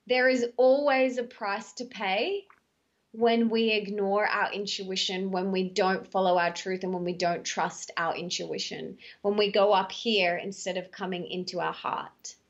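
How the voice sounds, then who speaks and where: A woman's voice: mid-range voice, fairly even intonation, unhurried. A woman guest on a podcast, telling stories emphatically and animatedly, often stretching her words out. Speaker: podcast guest, author and speaker. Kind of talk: casual conversation. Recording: dull lo-fi podcast audio.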